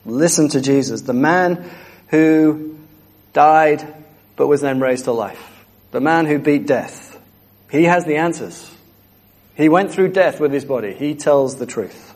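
A man's voice: on the high side, expressive, a little slow, long pauses, a little mellow. A man preaching a sermon, earnest and emphatic, repeating key phrases.

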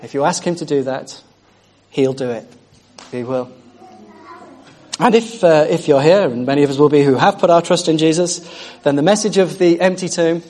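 A man's voice: on the high side, dark tone. A man preaching a sermon with exuberant energy, repeating phrases for emphasis and calling out in joy.

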